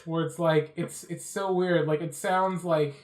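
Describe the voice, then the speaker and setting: A man co-hosting a casual podcast chat, joking and riffing quickly between laughs. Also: fairly high pitch, steady tone, a little mellow, reverberant. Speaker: podcast co-host.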